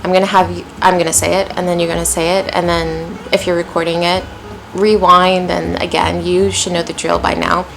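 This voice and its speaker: A woman with an American accent teaching an English pronunciation lesson, modeling phrases clearly and encouragingly. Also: lowish voice, level tone, a little fast, a bit bright, slight background noise, poor audio. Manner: clear, encouraging, demonstrative delivery.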